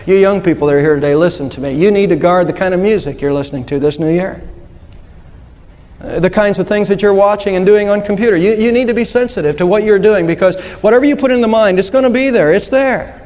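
High-voiced preacher in a reverberant hall. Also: male voice, quick pace, a little mellow. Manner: earnest, storytelling with quoted voices. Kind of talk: sermon.

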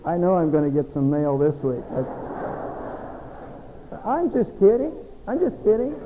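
A middle-aged male pastor preaching a sermon, folksy, swinging between soft, confiding passages and emphatic exhortation. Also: fairly high pitch, big pitch swings, quick pace, a little hiss or hum. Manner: folksy, self-deprecating asides. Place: church sanctuary. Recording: long church reverb.

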